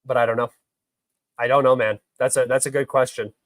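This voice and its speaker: A man's voice: medium pitch, fairly even intonation, brisk, dry recording, low-quality recording. Young guy on a live stream, blunt and argumentative, dry close sound. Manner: blunt, argumentative, swears, reads chat questions aloud. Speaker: podcast host answering live chat. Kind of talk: heated live-stream commentary.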